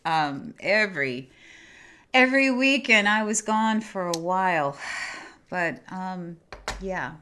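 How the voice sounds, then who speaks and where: A woman's voice: lowish voice, slight background noise. A woman hosting a casual livestream, reading viewer comments aloud and answering them in an encouraging, effusive way. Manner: warm and effusive. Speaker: livestream host.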